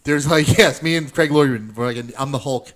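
A comedian, chatting casually with his co-hosts on a podcast. His voice is fairly high and bright, and he tells profane stories about gigs. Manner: quick profane anecdotes, laughing often. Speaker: comedian co-host.

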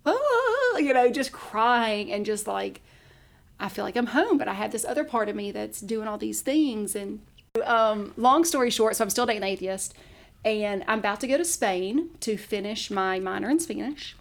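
A podcast guest, her medium-pitched voice carrying vocal fry at a moderate pace, talks through a personal story in relaxed conversation. She's talkative and laughs frequently, dramatizing her own past remarks.

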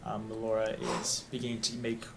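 A man narrating a tabletop game as game master, easygoing and unhurried, with frequent fillers. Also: fairly low pitch, monotone, gravelly, background noise. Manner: easygoing, lots of "um", unhurried scene-setting.

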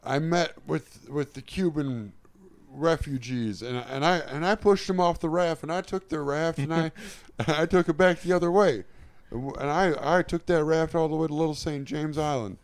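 A man voicing a rambling, crude old male president with a Southern accent, stammering through halting improv. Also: on the high side, clean tone, no room sound, lightly acted. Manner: stammering, halting, drawn-out filler sounds. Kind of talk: comedic improv impression.

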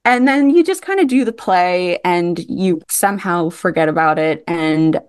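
Lively young woman telling stories. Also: on the low side, normal speed, smooth, no echo, studio quality. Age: 20s. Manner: animated, laughing, acts out quotes of others. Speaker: guest, stage actress. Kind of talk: casual anecdotal storytelling.

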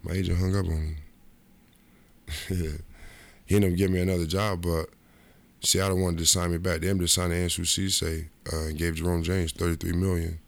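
Talking in a low, creaky voice at a moderate pace with long pauses, a middle-aged ex-basketball player tells career stories during a casual interview. His delivery rambles and restarts, with repetition and lively quoted asides.

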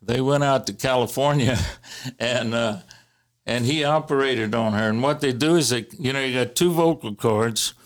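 Halting storytelling man. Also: medium pitch. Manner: halting, with many fillers and restarts; chuckles while recalling. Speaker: interviewee recalling family history. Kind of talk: casual storytelling.

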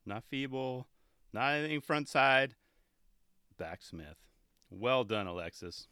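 A man hosting a show, chatting casually and excitedly as he reviews skate video clips, often restarting his sentences and laughing. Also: mid-range voice, slow, long pauses, smooth.

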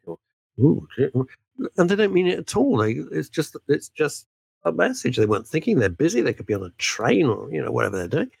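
A man talks as a guest on a podcast, his pitch swooping animatedly and his voice gravelly and a little husky. He is emphatic and keeps throwing in asides. The sound is dry and close. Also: very animated, fast, a little mellow, no echo. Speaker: guest broadcaster. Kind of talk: conversational podcast interview.

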